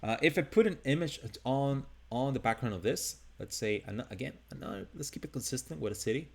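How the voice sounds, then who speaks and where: Brief: accented male instructor, live screen-share lesson, relaxed and upbeat, mid pitch, restarts sentences. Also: brisk, creaky. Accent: non-native English. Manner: casual, upbeat, thinking aloud with restarts. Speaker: design instructor.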